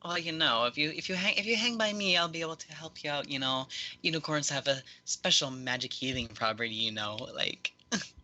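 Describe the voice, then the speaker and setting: Guy doing a fussy unicorn pony in chainmail, super bright voice, like, like, like. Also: fairly high pitch, brisk. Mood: helpful. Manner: valley-speak, full of "like".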